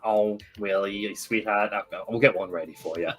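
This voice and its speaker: A man's voice: lowish voice, steady tone, normal speed, fairly bright tone. A man voicing a fussy older woman who runs a bar, gushing and affectionate. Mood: sweet.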